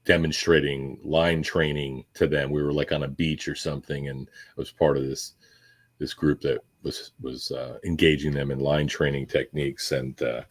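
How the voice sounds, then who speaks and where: A man's voice: very deep voice, little pitch movement, normal speed. A former Marine man hosting a casual chat, reminiscing in a rambling, profane, reflective way. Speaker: podcast host, former Marine.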